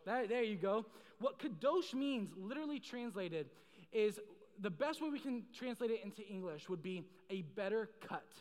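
A young man with a high voice preaches in a large hall, and the sound rings with a long reverb. He jokes, tells stories and calls out to the crowd in a casual, lively way. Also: normal speed. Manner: casual, joking, animated storytelling with the crowd. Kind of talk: sermon.

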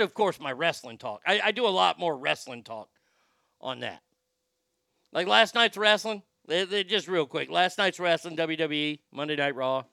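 A man's voice: on the high side, gravelly, pushed and bright, clear, resonant tone, no room sound, clean studio sound. A man hosting a show with sarcastic, profane ranting commentary and frequent stammered restarts. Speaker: podcast host.

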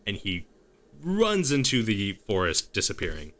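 A man's voice: fairly low pitch, huge pitch swings, measured pace, a bit bright. A man narrating as game master of a tabletop game, improvising the action and stopping to correct himself.

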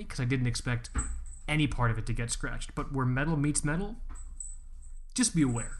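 A man in his thirties co-hosting a casual podcast, swearing freely and ranting with animated energy. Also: medium pitch. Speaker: podcast co-host.

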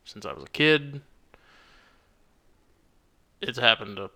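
A man's voice: medium pitch, animated, slow, gravelly, sharp tone. A young man from the United States co-hosting a podcast, talking casually and rambling with frequent restarts. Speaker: podcast co-host. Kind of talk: casual chat.

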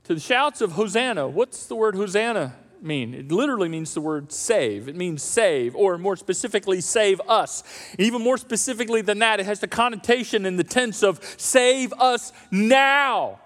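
Pastor guy preaching, high voice, animated, acts out crowd voices, big echoey church hall. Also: fairly quick. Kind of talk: sermon. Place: church auditorium.

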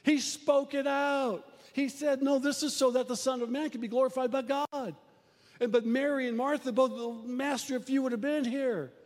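High-voiced preaching man in a hall. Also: darkish tone. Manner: preaching with emphatic rises and sudden drops. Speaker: pastor. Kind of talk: sermon.

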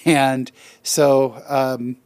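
A man's voice: medium pitch, very slow, no echo. A middle-aged man co-hosting a podcast, telling stories in casual chat and often laughing as he talks. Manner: animated storyteller who laughs often. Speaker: podcast co-host.

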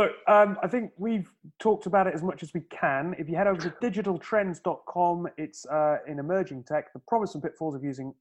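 A man hosting a podcast, chatting casually in a laid-back, joking way. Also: a little high. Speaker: podcast host. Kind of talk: casual chat.

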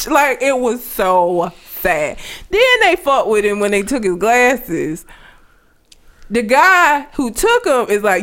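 A woman chatting casually with a bright, lively voice that swoops up and down. She tells stories in an animated, profane way and laughs often. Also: fairly high pitch, measured pace. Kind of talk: casual chat.

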